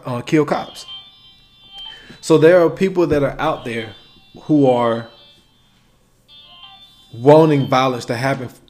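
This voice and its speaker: Male solo podcast host, casual conversational delivery, medium pitch, faint music under the voice. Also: a little mellow. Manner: casual, conversational, acts out quoted exchanges.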